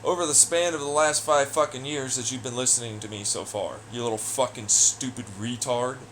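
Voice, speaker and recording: A man ranting alone in an audio blog, profane, taunting and hostile, swinging between loud jeers and low muttering. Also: steady tone, brisk, a little hiss or hum. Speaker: audio blogger. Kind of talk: angry solo rant.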